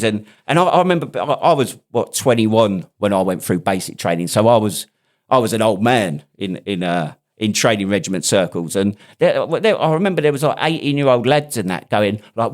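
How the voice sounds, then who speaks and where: A man's voice: fairly low pitch, lively intonation, normal speed. A man, a podcast host and army veteran telling stories in casual, laughing banter. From United Kingdom. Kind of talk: casual chat.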